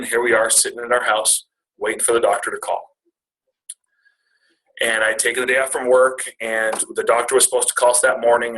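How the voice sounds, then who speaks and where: Bright-voiced man telling a story. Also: medium pitch, poor audio. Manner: rambling, self-deprecating storyteller with restarts and jokes. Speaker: speaker at a retreat. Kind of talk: personal storytelling talk.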